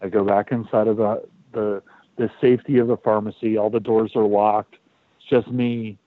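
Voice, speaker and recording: A man's voice: on the low side, little pitch movement, normal speed, dry recording. A man hosting a podcast, telling a story in a loose, chatty way, repeating words and swearing now and then. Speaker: podcast host. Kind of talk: casual storytelling. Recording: tinny phone-like dry sound.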